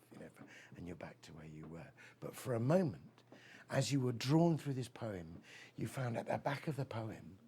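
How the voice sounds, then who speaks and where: A man's voice: fairly low pitch, sing-song, moderate pace, mellow, slight background noise. A man giving a talk, rambling and enthusiastic, telling a personal story and reading poetry aloud. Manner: rambling, enthusiastic, many fillers. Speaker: speaker at a weekend of talks.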